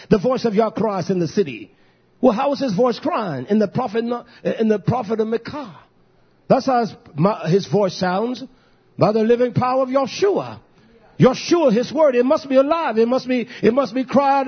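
A husky, high-voiced man preaches a fiery sermon. He surges into shouts, then drops to low muttered asides. The recording sounds dull and lo-fi. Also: animated, normal speed. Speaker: pastor.

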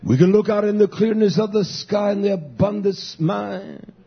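A man's voice: high-pitched, normal speed, gravelly, breathy edge, muffled recording. A man preaching a sermon, exhorting and calling out to the congregation.

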